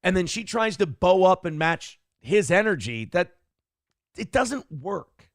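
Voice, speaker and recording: A man's voice: sits high, very animated, unhurried, no room sound, studio quality. A man hosting a livestream morning commentary show, blunt and profane, rambling through opinions and reading chat comments aloud.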